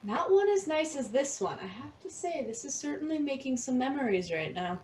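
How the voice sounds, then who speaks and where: Playful, higher-voiced woman player. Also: sing-song, fairly quick, darkish tone, recorded from a distance, slight background noise. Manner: playful, giggly. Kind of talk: playing a character in a tabletop game.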